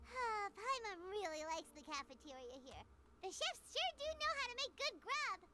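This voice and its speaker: Picture a tiny floating fairy girl from a video game, bubbly and squeaky, her voice shooting sky-high and bouncing all over the place. She chatters about herself by name. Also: very animated, normal speed, loud music behind the voice. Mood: chirpy.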